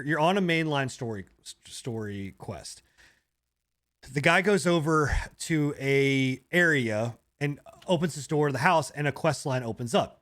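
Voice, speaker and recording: A man co-hosting a gaming podcast, ranting in a rambling, animated way with swearing. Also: medium pitch. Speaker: podcast co-host. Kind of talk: casual gaming podcast chat.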